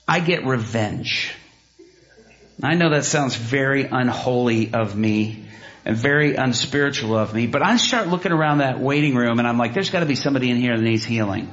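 A man preaching a sermon and telling a personal story, acting out what others said. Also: mid-range voice. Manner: animated storytelling, acts out quotes. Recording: dull lo-fi recording.

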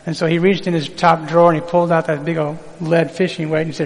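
A man's voice: on the high side, little pitch movement, fast talker, gravelly, long reverb tail, low-quality recording. A man preaching a sermon, reading scripture aloud and drawing call-and-response from the congregation.

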